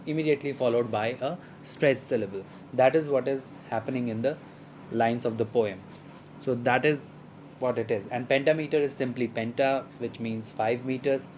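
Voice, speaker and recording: A man's voice: mid-range voice, a little mellow, a little hiss or hum, rough recording. A man teaching a lesson, explaining a poem at length with many fillers and restarts. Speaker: literature teacher.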